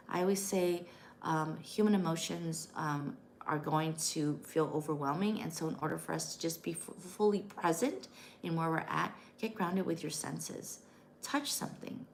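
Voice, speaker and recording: A middle-aged woman and widow coaching grieving listeners on a live stream, gentle and reassuring, often checking in with "right?". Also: on the low side, creaky, slight background noise.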